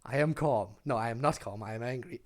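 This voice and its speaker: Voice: mid-range voice, brisk. A game streamer chatting casually and self-consciously with viewers late at night, giggling often and sounding tired. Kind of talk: casual live-stream chat while gaming.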